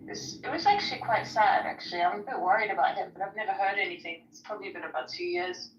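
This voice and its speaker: A woman's voice: mid-range voice, fast talker. Brief: candid, chatty woman guest, casual profanity; dull lo-fi sound, echoey room. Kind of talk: casual chat. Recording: roomy, dull, distant mic.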